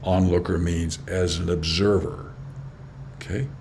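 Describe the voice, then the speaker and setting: A man hosting a spiritual teaching channel, reading quotes and explaining them in an unhurried, emphatic way, often checking in with "okay?". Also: deep voice, flat delivery, a little mellow, a little hiss or hum. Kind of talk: reflective spoken commentary on quoted teachings.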